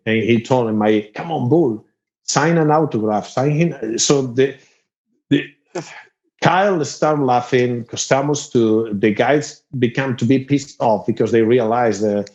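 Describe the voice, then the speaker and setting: A man from Spain with a Spanish accent, a guest musician telling an animated story in casual chat, jumping into a much higher voice to play the other people and laughing often. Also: highs cut off.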